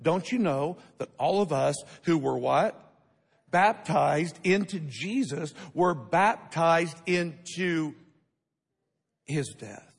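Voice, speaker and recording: A man with a high voice preaches a sermon in a church sanctuary. He drives his points home and keeps asking the congregation to answer back. The sound rings with the long reverb of the hall. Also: expressive, slow pace, creaky, slightly rough. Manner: emphatic preaching with call-and-response questions to the congregation. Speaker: pastor.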